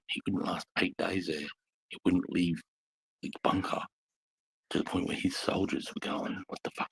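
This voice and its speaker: In a low-quality recording, a middle-aged Australian veteran swaps blunt war stories over casual bar talk, swearing heavily and speaking with intensity. His deep, gravelly voice has a fairly bright tone and a breathy edge.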